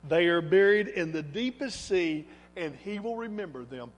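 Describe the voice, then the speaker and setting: A man with a high voice preaches a sermon in a church sanctuary. He pushes hard on some lines and goes soft and quiet on others. The sound carries a long reverberant tail from the hall. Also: expressive, moderate pace, lo-fi sound, slight background noise. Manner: emphatic, swings between loud exhortation and quiet asides. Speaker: pastor.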